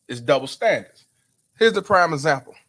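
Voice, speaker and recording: A man hosting his own show addresses viewers directly with casual commentary, emphatic and preachy, posing rhetorical questions. His voice is a little high, sing-song and fairly bright, at a normal speed.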